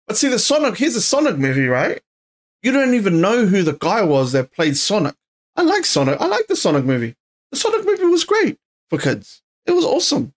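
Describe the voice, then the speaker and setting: A man with a New Zealand accent hosting a solo podcast, rambling and tired, full of slang, swearing and fillers. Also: fairly high pitch. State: tired, yawning. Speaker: podcast host. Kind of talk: casual solo podcast chat. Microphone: podcast microphone.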